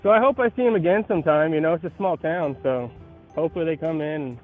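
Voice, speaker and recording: Male caller, casual and animated, phone-line sound, soft music behind him. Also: fairly high pitch, fast talker. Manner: animated, acts out the voices of people in his story. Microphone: phone call.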